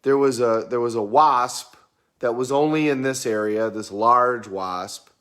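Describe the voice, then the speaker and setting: A man's voice: mid-range voice, a little slow, fairly bright tone. A man hosting a casual motivational talk, speaking conversationally with frequent fillers and restarts.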